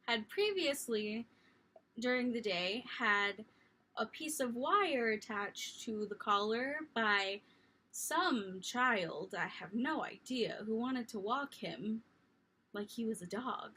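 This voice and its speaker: Bright-voiced young woman telling a story. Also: fairly high pitch, slightly rough. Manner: animated, self-mocking storyteller. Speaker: vlogger. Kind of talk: casual storytelling.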